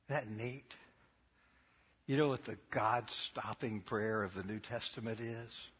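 A man's voice: on the low side, unhurried, fairly bright tone, husky. A man preaching a sermon who keeps putting questions to the congregation and tells the story with laughter. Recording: long hall reverb.

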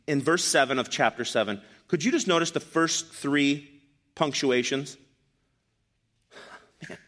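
Lively, bright-voiced male preacher. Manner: animated, rising to emphatic bursts, dropping low for asides. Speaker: pastor. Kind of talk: sermon. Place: church.

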